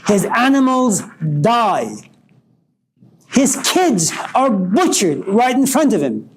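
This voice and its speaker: A man's voice: very high voice, big pitch swings, slow pace, slight background noise, poor audio. A man giving a philosophy lecture, posing provocative rhetorical questions.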